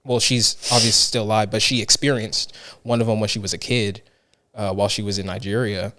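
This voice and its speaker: A man's voice: lowish voice, flat delivery, brisk, sharp tone. A man hosting a podcast, telling stories in a rambling way full of "like". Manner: rambling storyteller, many "like" and restarts. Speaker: podcast host. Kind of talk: casual podcast chat.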